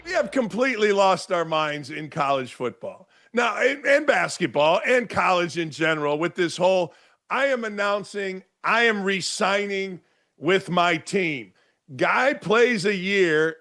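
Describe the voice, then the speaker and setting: Loud, ranting older man sports host. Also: high voice. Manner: loud sarcastic ranting, mocking impressions.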